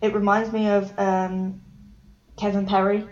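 Her voice is medium-pitched, level and slightly dark, and she speaks unhurriedly. She's a woman in her late teens from England, giggling and putting herself down as she co-hosts a relaxed podcast chat, recorded with muffled audio.

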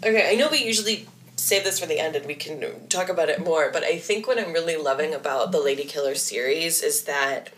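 A woman's voice: low voice, a little fast, fairly bright tone. A woman co-hosting a podcast, chatting casually and teasing her co-host with frequent laughs. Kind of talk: casual chat.

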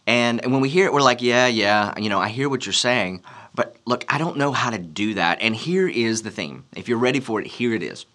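A man's voice: fairly low pitch, pushed and bright. A man preaching a sermon as a pastor, telling a story and acting out the voices in the dialogue.

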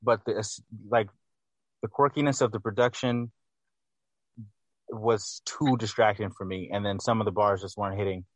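A man's voice: fairly low pitch, fairly even intonation, normal speed, pauses often, no room sound. A man co-hosting a casual album review, critical and hesitant, correcting himself often.

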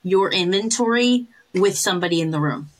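A woman co-hosting a casual podcast, earnest and encouraging as she coaches a friend. She swears freely and laughs easily, and her pitch sits in the middle range. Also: a little fast, low-quality recording. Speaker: podcast co-host, recovery sponsor.

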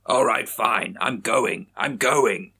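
A man's voice: mid-range voice, slow, creaky, pushed and bright, slightly rough, full character voice. A man voicing a male police officer partner in a horror story, speaking in a clipped, defensive way. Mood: grim.

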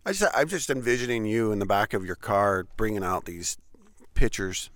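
A man's voice: on the low side, moderate pace, a bit bright, dry recording. A man co-hosting a podcast, chiming in with short, joking remarks in casual chat.

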